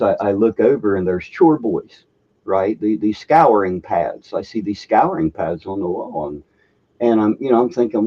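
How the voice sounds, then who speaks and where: Husky man, animated storyteller. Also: on the low side. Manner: animated, swearing, laughs often. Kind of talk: casual chat, storytelling. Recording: dull lo-fi stream audio.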